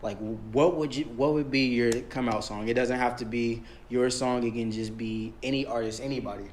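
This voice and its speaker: A man's voice: mid-range voice, fairly even intonation, moderate pace, a little hiss or hum. A young man hosting a casual interview, laid-back and swearing freely. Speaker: podcast host.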